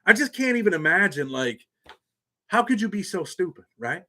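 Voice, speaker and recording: A man's voice: sits high, very animated, moderate pace, bright, forceful tone. A man hosting a casual livestream, talking bluntly in street slang. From New York. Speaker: channel host.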